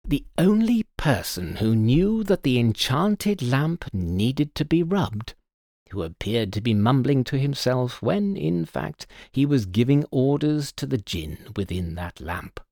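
A sharp-minded detective lays out his reasoning with calm command, as a male narrator plays him. His voice sits a little higher than the narration and moves with lively rise and fall. Delivery is unhurried and the sound dry and close. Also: no room sound. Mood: assured. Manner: precise, authoritative explaining.

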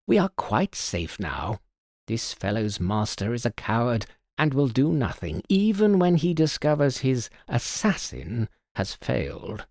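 A man's voice: mid-range voice, big pitch swings, unhurried, a little mellow, no room sound, studio quality. A man voicing a brilliant older male detective who explains in a precise, authoritative way. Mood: assured.

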